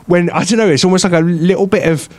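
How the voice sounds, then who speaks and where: A man from England co-hosts a radio show, telling a rambling anecdote in casual chat, full of fillers, restarts and laughs. His voice sits high with fairly even intonation, and he talks fast. There is no room sound.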